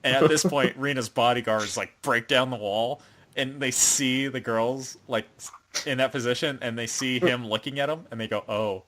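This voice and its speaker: A man's voice: medium pitch, fairly even intonation, moderate pace, a bit bright. A young man co-hosting a podcast, casually retelling a plot and acting out the lines. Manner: rambling plot recap with put-on voices. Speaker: podcast co-host. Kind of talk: casual chat.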